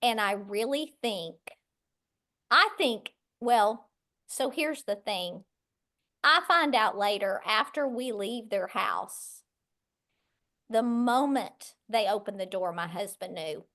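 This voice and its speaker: Slow and medium-pitched, a middle-aged woman from West Texas narrates her story as a podcast guest while doing lively impressions of the people involved.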